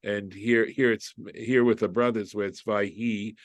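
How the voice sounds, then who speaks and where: Rabbi leading a casual study group; lowish voice, dry close sound, reasons aloud and keeps asking "right?". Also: male voice, fairly even intonation, a little slow, no echo. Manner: thinking aloud, asks "right?" often, translates Hebrew phrases. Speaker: rabbi teaching a Torah study class. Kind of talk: informal group Bible study.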